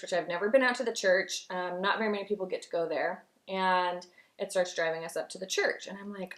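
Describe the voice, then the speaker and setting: A woman's voice: medium pitch, moderate pace, fairly bright tone, reverberant. A young woman beauty vlogger chatting while doing her makeup, gushing and chatty, full of "like" and "um". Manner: gushing, chatty, many "like" and "um" fillers. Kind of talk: get-ready-with-me chat.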